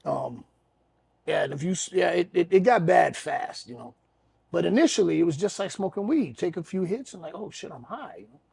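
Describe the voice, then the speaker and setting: Gravelly man telling a wild story. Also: high-pitched, a little fast. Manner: animated, profane, acts out scenes. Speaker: podcast co-host. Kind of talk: casual storytelling.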